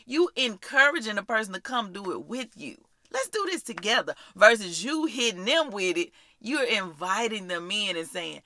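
Lively animated woman preaching. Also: medium pitch, moderate pace, no echo, clean studio sound. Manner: animated, call-and-response preaching with prayer. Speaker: podcast host and preacher. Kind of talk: devotional preaching vlog.

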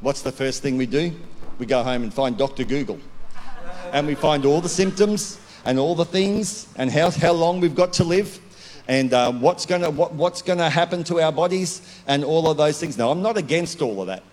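A man preaching a sermon as a pastor, loud and declaring, swinging from calm talk to shouting. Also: a little high, normal speed. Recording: long hall reverb.

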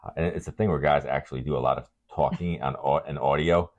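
A middle-aged man co-hosting a casual podcast, joking and swearing, often dropping into a mock-deep seductive voice. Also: fairly even intonation, quick pace, a little mellow, muffled recording. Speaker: podcast co-host. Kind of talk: casual chat.

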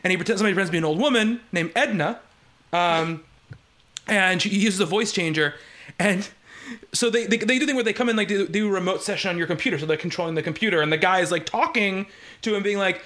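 A man's voice: high voice, quick pace, bright, forceful tone. A man hosting a podcast, telling a story in casual chat with lots of fillers and restarts. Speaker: podcast host.

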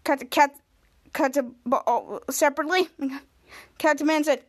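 A woman with a very high voice recaps a TV episode scene by scene for her podcast. She reads the characters' lines with extra lift and stumbles over her words now and then. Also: brisk, fairly bright tone. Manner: reads quoted lines in a livelier voice, many restarts. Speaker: podcast host.

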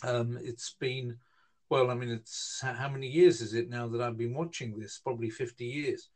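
A man, talking at an even, mid pitch. He wanders through a personal story in a casual interview, pausing on "um" and restarting sentences as he goes. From Newcastle, northern England. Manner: rambling, hesitant, with many fillers and restarts.

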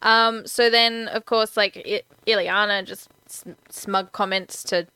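A woman's voice: mid-range voice, fairly even intonation, a little slow, sharp tone, smooth, no room sound. A woman co-hosting a podcast, summarising a film's plot in casual chat, with hesitant ums and the odd casual swear. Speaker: podcast co-host. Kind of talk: casual film recap chat.

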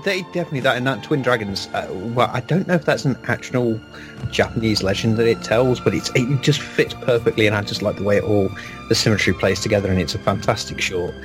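A man's voice: lowish voice, lively intonation, fast, music in the background. A man in a casual chat, thoughtful and a little hesitant.

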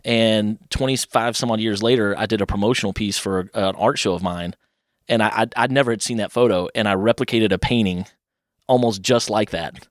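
A man's voice: on the low side, brisk, no echo, studio quality. A man in his thirties from Kentucky, a podcast guest telling rambling childhood stories and animating the voices of people he quotes. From Louisville, Kentucky. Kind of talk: casual interview storytelling.

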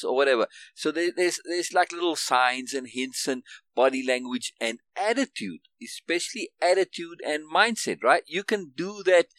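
A man's voice: fairly high pitch, expressive, normal speed, a bit bright, no room sound. Man, podcast host, casual chat, emphatic explaining, stumbling restarts, keeps asking "right?", dry close sound. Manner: explains emphatically with many restarts and repeated words; keeps checking understanding with "right?". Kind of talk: casual one-on-one conversation.

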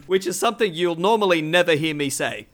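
A man co-hosting a casual podcast, chatty and quick to laugh. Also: on the high side, expressive, a bit bright, slight background noise. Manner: giggly, chatty. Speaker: podcast co-host.

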